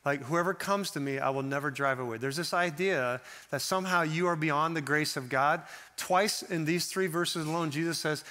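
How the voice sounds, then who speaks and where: Bright-voiced pastor preaching. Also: male voice, fairly high pitch, normal speed, hardly any pauses. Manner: conversational, animated preaching, acts out quoted voices. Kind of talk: sermon.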